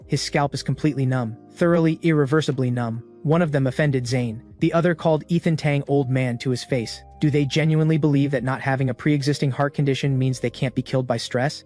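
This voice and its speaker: A man narrating a comic recap in an even, dramatic storytelling voice. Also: mid-range voice. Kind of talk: scripted narration of a manhwa recap. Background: faint background music.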